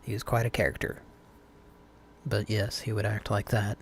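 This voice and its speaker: Guy hosting a live stream, low gravelly voice, rambly and laid back. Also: normal speed, a little hiss or hum. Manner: rambling, relaxed, with many fillers and restarts. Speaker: host of a live call-in stream. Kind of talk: casual live-stream chat.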